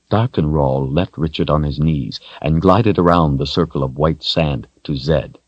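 Deep-voiced man narrating a fantasy story. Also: moderate pace, few pauses, dry recording, muffled recording. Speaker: audiobook narrator.

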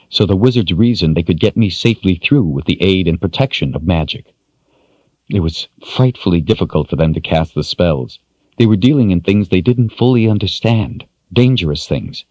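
A man's voice: deep voice, darkish tone, no echo, dull audio. A man voicing a traumatized young woman haunted by the dead, speaking in a grave, fragile tone.

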